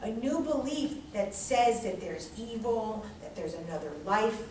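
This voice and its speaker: A woman teaching a class, lecturing in a dramatic and animated way and swearing freely. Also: on the high side, measured pace, a little hiss or hum. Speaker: instructor leading a class. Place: large echoey classroom. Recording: echoey classroom, distant mic.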